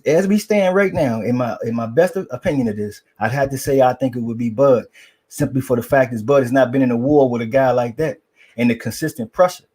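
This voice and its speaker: A man's voice: medium pitch, a little mellow, breathy edge. A man giving casual boxing analysis, slangy and rambling with many fillers.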